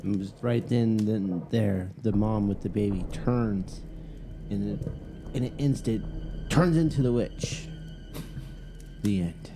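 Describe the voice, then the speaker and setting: Slow teasing storyteller. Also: medium pitch, music in the background. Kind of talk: casual scary-story telling.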